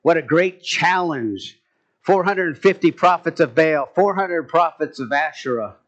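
A man's voice: a little high, lively intonation, measured pace, fairly bright tone. A man preaching a sermon, building to emphatic bursts as he retells scripture stories. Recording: muffled, dull lo-fi sound.

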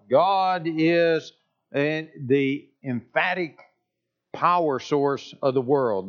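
A man preaching a sermon as pastor, speaking in a deliberate, emphatic way and repeating phrases to drive points home. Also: on the high side, muffled recording.

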